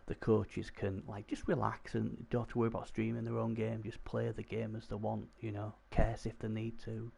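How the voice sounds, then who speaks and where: A low-pitched man gives live commentary on a video game stream, chatting to his viewers and getting excitable over the dice. His voice is gravelly and husky. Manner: chatty, excitable, talks to chat.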